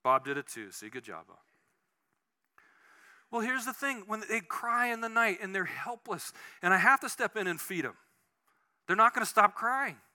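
A man preaching a conversational sermon as pastor, animated and telling personal stories, often restarting his sentences. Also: high-pitched, normal speed, pauses often.

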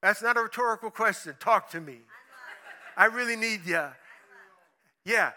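A man preaching a sermon in an animated storytelling manner, asking his listeners questions and acting out voices along the way. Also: high-pitched, moderate pace.

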